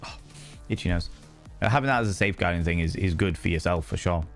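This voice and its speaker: Casual male streamer, chatty and sweary, bit low-pitched, quiet music in the background. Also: fast. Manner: chatty, loose, swears casually, frequent fillers. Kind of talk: casual chat reading and answering live chat.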